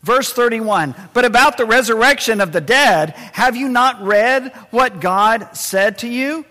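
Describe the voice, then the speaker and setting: A man preaching a sermon in a high, bright voice, moving between loud emphasis and quiet intensity. His words ring out with a long reverb, as in a church hall. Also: measured pace. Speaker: pastor.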